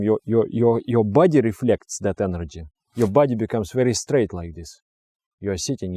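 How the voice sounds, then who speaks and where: A man gives a spiritual meditation lesson in a warm, mellow voice, recorded dry and close. He talks earnestly and with emphasis, driving points home by repeating phrases. His English is fluent but slightly non-native. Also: mid-range voice, no room sound. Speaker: meditation teacher. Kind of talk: spiritual teaching talk.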